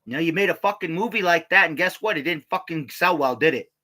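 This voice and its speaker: A man's voice: fairly high pitch, expressive, quick pace, sharp tone. A man vlogging a casual, rambling rant full of profanity and repeated words.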